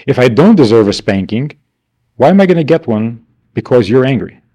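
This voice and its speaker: A man's voice: medium pitch, very animated, fairly quick, mellow. A man teaching a class, asking rhetorical questions and answering them himself with wry, mock-indignant asides. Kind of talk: class lecture.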